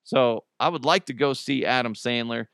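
A man's voice: medium pitch, normal speed, gravelly, a bit bright, clear, resonant tone, no echo, clean studio sound. A man hosting a radio show, chatting casually with rambling jokes and self-corrections. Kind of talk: casual on-air chat.

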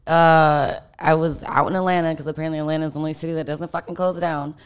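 A young adult woman, appearing as an interview guest, tells a casual story in a low-pitched, clear, resonant voice. Her intonation is fairly even and her pace quick, and she speaks candidly and profanely, packing in the filler "like."

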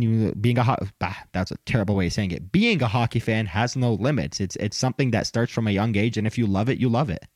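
A man with a lowish voice co-hosts a sports podcast, talking casually and animatedly about hockey. He tells stories with quick impressions and laughs along the way. The sound is dry and close to the mic. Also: no room sound. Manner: animated storyteller, mimics players with laughter. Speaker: podcast co-host.

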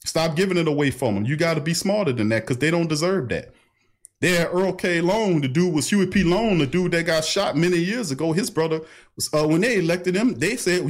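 A middle-aged man, hosting a casual call-in livestream in an animated, preachy way full of street slang. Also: on the high side, a little fast. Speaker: livestream talk host. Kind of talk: casual call-in talk stream.

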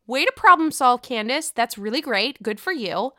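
A woman's voice: on the high side, very animated, moderate pace, sharp tone, dry recording, studio quality. A woman giving a casual, sassy, profane recap of a reality TV episode, acting out the cast's lines. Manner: sassy, profane, acts out quotes with voices.

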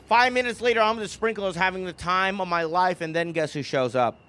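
Man doing animated stand-up. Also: sits high, fairly quick, crowd noise. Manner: animated, acts out characters. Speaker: stand-up comedian. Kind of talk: stand-up comedy set. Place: comedy club with audience. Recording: live room with audience noise.

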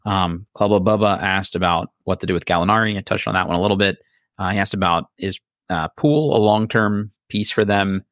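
A man's voice: low voice, steady tone, fairly quick, a bit bright, no room sound, clean studio sound. A man hosting a casual sports podcast chat, blunt and opinionated. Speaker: podcast host.

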